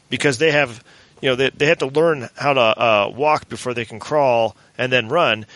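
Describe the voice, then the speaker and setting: A man on a tech podcast panel, explaining industry issues in a measured, conversational way. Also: medium pitch, pushed and bright, no echo. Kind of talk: casual tech podcast chat.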